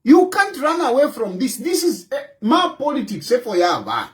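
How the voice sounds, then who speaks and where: A man's voice: extremely high pitch, wildly swooping pitch, normal speed, rough recording. A man with a Zambian accent, delivering impassioned political commentary in a scolding, combative tone and repeating his points for emphasis. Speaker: opposition party president.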